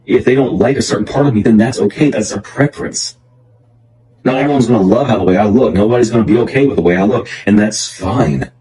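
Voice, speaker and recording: A man's voice: lowish voice, quick pace, a crowd in the background, poor audio. A man ranting to camera in a blunt, intense way, swearing heavily. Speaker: dating content creator. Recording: clip with loud background music.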